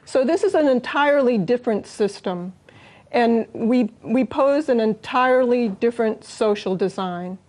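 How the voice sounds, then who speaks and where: Woman guest in an interview, earnest, kinda high voice, restarts a lot. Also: animated, moderate pace, a little mellow.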